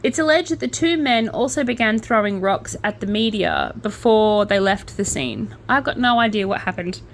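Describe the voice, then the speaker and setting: A woman's voice: mid-range voice, sing-song, normal speed, a little hiss or hum. A woman hosting a casual true-crime podcast, blunt and opinionated, with swearing and jokey asides. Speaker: podcast host.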